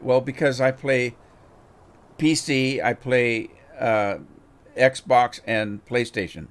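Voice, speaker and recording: A man's voice: medium pitch, slow, long pauses. A middle-aged man hosting a game livestream, chatting casually and rambling, often repeating words as he thinks. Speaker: gaming livestream host. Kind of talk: casual chat while playing a game.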